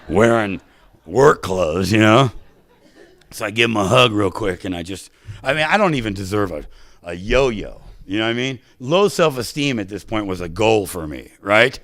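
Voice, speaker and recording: Low-voiced man sharing his story. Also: dry recording. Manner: emotional, animated storytelling. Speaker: recovery meeting speaker. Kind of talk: personal testimony talk. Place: convention hall stage.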